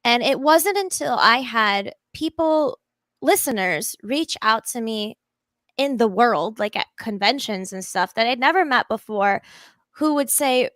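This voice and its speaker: A woman being interviewed as a podcast guest, talking in an animated, enthusiastic way in long flowing runs. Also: a little high, unhurried, no room sound. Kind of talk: casual interview talk.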